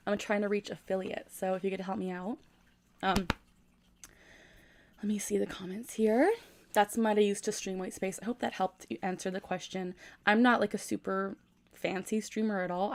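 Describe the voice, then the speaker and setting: Gravelly-voiced young woman livestreaming. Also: mid-range voice, darkish tone. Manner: keeping her voice down at night. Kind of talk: casual livestream chat, reading comments. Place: her room at home at night. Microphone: gaming USB microphone.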